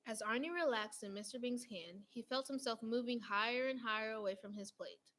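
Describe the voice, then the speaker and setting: Woman narrator, children's picture book read-aloud, gentle and even, a little high-pitched. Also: fairly quick, rough recording. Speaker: storybook reader.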